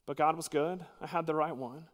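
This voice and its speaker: Brief: male pastor, slightly higher voice, emphatic sermon delivery, long church reverb. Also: steady tone, brisk. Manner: earnest, emphatic preaching with sudden drops to quiet.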